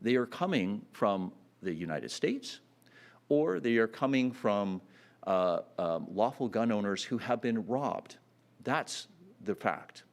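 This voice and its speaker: A man's voice: lowish voice, animated, takes it slowly. A man giving a campaign speech at a public announcement, earnest and full of fillers and restarts. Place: announcement event.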